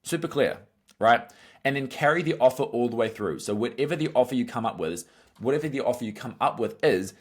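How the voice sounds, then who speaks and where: A man giving an instructional marketing lesson, brisk and emphatic, often checking in with "right?" and "okay?". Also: expressive, breathy edge. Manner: acts out sales pitches in quotes. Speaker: marketing coach. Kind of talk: instructional talk to camera.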